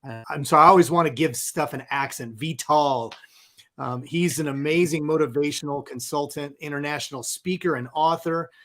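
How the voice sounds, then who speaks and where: A man's voice: fairly high pitch, moderate pace, a bit bright. Friendly co-host man from Texas. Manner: friendly, reads a formal bio. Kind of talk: introducing a guest.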